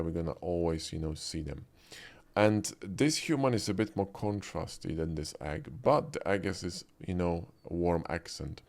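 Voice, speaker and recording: A man with a deep, low voice walks through a 3D lighting lesson. He talks loosely and conversationally, often checking in with the viewer as he demonstrates. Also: a little mellow. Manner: conversational, frequent "right?" and "okay?" check-ins. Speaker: 3D art instructor. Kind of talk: screen-recorded software tutorial.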